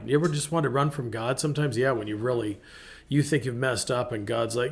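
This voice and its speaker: A middle-aged man hosting a devotional podcast, chatting casually and acting out quotes with lively shifts in his voice. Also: medium pitch, moderate pace. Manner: chatty and animated, acts out quotes in varied voices. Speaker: ministry podcast host.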